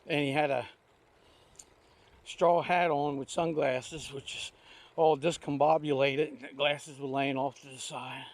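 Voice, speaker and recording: Older man, slightly high voice, folksy storyteller, rambling, talking outdoors on a ride. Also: steady tone, unhurried. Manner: folksy, rambling anecdotes with homespun grammar. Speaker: vlogger. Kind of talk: casual storytelling while riding. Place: outdoors on a recumbent trike ride.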